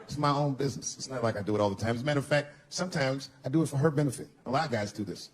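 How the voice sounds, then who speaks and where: A man doing stand-up comedy, telling a story and acting out other people's voices with lively jumps in pitch. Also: racing, a little hiss or hum. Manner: animated, acts out voices of son and wife with big pitch jumps. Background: audience laughter.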